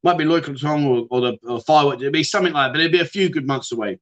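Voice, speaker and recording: A man's voice: on the high side, rapid-fire, dull audio. A man hosting a casual livestream, reading out viewer comments and teasing them with banter. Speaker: livestream host.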